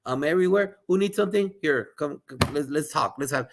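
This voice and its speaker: Animated man talking like a school coach. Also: a little high, a little fast, vocal fry. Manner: animated, repeats words, coach-like urging. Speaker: school administrator, guest. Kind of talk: casual interview talk.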